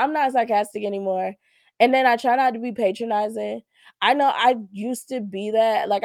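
A woman's voice: on the high side, a little mellow, no room sound, clean studio sound. A woman, hosting a casual solo talk, candid and slangy with lots of fillers. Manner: chatty and candid, slangy, many fillers and laughs. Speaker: podcast host.

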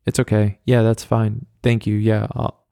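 Passive-aggressive woman neighbor, curt and flat, as a man quotes her. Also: on the low side, measured pace, creaky, no echo, studio quality. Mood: deadpan.

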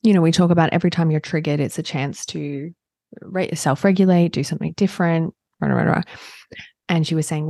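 A woman's voice: sits low, steady tone, a little fast, no room sound. A woman hosting a podcast in a casual conversation, affirming her guest and murmuring agreement often. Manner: warm, affirming listener, frequent agreeing murmurs. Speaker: podcast host.

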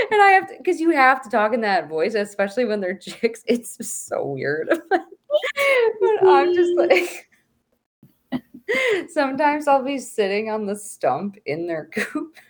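A woman co-hosting a relaxed podcast, her slightly high voice swinging widely as she talks. She speaks slowly and giggles constantly, laughing her way through nearly every sentence. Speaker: podcast co-host. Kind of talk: casual chat.

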